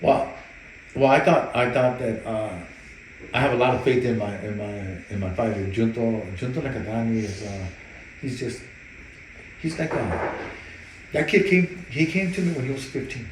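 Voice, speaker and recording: A man's voice: mid-range voice, moderate pace, pauses often, reverberant, background noise. A man, a boxing trainer, telling stories in a casual interview, cursing freely and repeating words as he goes. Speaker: boxing trainer and cutman, guest.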